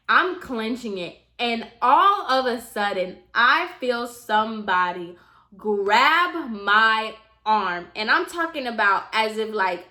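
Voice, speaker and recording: Woman, vlogger, casual storytime, chatty, talks to viewers, slightly high voice, bright tone. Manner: chatty, heavy use of "like", addresses viewers directly.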